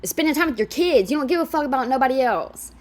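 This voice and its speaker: A woman's voice: high-pitched, lively intonation, fast talker, darkish tone. Exasperated, profane woman ranting. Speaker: commentator reacting to a video. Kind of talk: casual reaction commentary.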